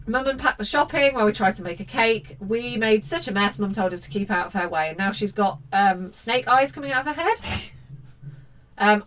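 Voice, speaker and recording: Bright, sweary woman podcaster. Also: mid-range voice, poor audio. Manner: sweary, sarcastic, mock-outraged. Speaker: podcast co-host. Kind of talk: casual chat, reading a children's book aloud with commentary.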